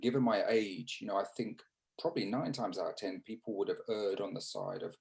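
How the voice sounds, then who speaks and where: An English man in his fifties, a former cricketer, telling stories in a casual interview over a video call, halting with restarts and fillers. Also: fairly low pitch, gravelly, a little mellow, poor audio. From England.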